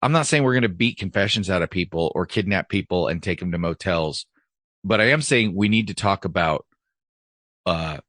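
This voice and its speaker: Low-voiced blunt man co-hosting a podcast. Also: expressive, normal speed, a bit bright, no echo, clean studio sound. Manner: blunt, profane, opinionated. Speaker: podcast co-host; former police officer. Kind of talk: casual chat.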